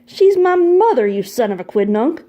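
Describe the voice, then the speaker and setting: A woman's voice: medium pitch, moderate pace, mellow, natural voice. A woman voicing a burly, tubby, hot-tempered man who bellows and roars his lines in an audiobook. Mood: furious. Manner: bellowing, roaring.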